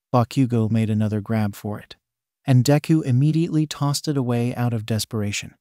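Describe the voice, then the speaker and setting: A man reading fan fiction aloud in a steady, plain way, swear words and all. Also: mid-range voice, fairly quick, dry recording, clean studio sound. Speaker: story narrator.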